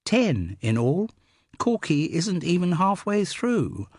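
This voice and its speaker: A man voicing a clever, brisk upper-class young woman in an audiobook, with crisp, knowing, slightly breathy chatter. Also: high-pitched, big pitch swings, a little mellow, dry recording, voice pushed up, exaggerated voice. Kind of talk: audiobook character voice. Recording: dry close studio sound.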